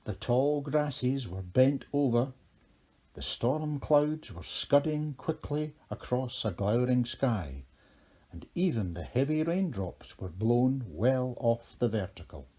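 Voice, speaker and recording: A man narrating a children's storybook in a measured, expressive way. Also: mid-range voice, slightly rough.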